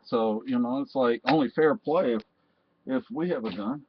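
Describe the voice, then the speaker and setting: A man's voice: mid-range voice, moderate pace, slightly rough, dry recording. A man from Texas, talking in a rambling personal monologue that often restarts and repeats phrases. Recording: dull, dry lo-fi recording.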